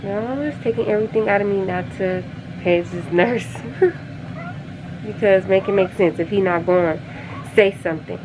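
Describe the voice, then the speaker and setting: A woman's voice: medium pitch, normal speed, background noise. A woman vlogging a casual update to her viewers as a mother, chatty and talking straight to camera.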